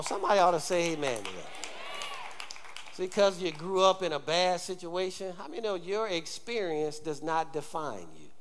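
High-voiced preaching man in a reverberant church. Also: slight background noise. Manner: call-and-response preaching, urging the congregation. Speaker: pastor. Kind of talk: sermon. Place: church sanctuary.

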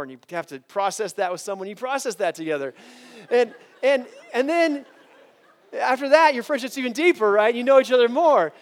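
High-voiced man preaching animatedly. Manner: animated, restarts often, asks rhetorical "right?". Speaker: campus preacher. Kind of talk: sermon to college students.

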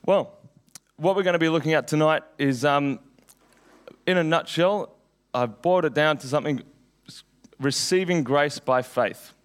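A man with a frog in his throat, speaking into a mic in church, moving from a casual chatty opening to slow, earnest prayer and preaching. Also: fairly high pitch. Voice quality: slightly husky. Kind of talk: sermon and prayer. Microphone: handheld mic.

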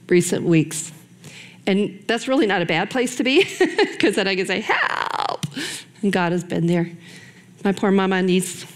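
Preaching to a women's ministry group in a lowish voice, this middle-aged woman keeps her sermon earnest and personal, delivering it with energy and well-placed dramatic pauses.

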